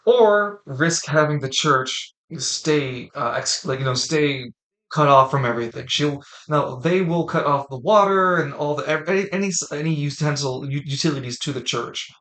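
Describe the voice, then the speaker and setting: A man's voice: a little high, normal speed, fairly bright tone. A man running a tabletop role-play game as game master, narrating in a rambling way and correcting himself as he goes. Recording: echoey room.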